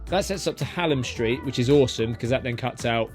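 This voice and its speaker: A man's voice: medium pitch, fairly quick, faint music behind. A man, a taxi driver chatting his way through his routes street by street in a driving vlog. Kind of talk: narrated driving vlog commentary.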